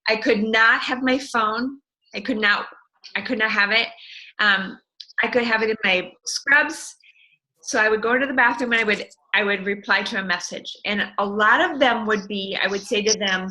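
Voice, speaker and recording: A middle-aged woman speaking as an interview guest, telling her business story with passionate, animated enthusiasm. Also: mid-range voice, moderate pace, low-quality recording. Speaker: network marketing distributor, guest. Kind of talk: enthusiastic motivational interview talk.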